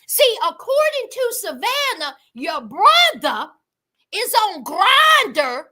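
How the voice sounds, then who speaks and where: A woman's voice: very high voice, wildly swooping pitch, slow pace, bright, forceful tone. A woman hosting a reality TV recap in casual commentary, sassy, gossipy and emphatic, repeating phrases for effect.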